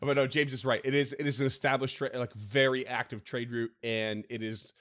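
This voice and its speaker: A man's voice: mid-range voice, level tone, a little fast, a bit bright. A man who runs the game, chatting casually on a podcast, rambling with frequent restarts and laughs. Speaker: game master.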